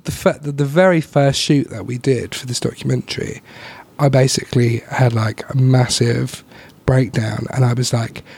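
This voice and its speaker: A young man, a comedian guesting on a podcast, talking in a casual, animated way and laughing often at himself. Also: medium pitch, normal speed, gravelly, husky. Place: London arts club.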